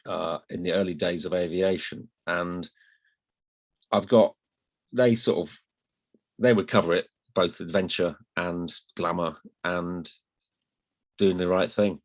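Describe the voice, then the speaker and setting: A middle-aged man from Hull with a slight northern accent and flat vowels, chatting as an interview guest in a rambling, self-deprecating way. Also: deep voice, a little slow, pauses often. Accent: slight northern English, flat vowels. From Hull, England. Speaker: guest, newspaper columnist. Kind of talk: casual interview chat.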